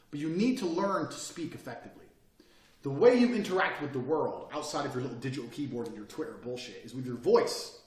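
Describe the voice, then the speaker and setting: A man giving a blunt, forceful motivational lecture and swearing freely as he coaches his listeners. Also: medium pitch. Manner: profane, forceful and emphatic. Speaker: self-improvement speaker. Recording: echoey room, mic at a distance.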